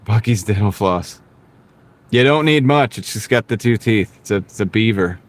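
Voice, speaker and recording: A delivery driver streams live from his car, chatting casually with viewers and joking between app orders. His lowish voice is animated and moderately paced, picked up by a wireless clip-on mic.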